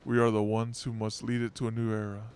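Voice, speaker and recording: A man voicing a cold, scheming priest in a game story, reading in a cool, measured way. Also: lowish voice, completely flat delivery, a little mellow, clear, resonant tone, lightly acted. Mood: coldly menacing.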